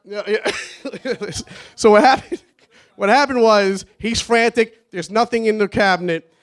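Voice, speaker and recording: A man's voice: sits high, unhurried. A man giving a rambling, nervous wedding toast for his brother, laughing often. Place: wedding reception.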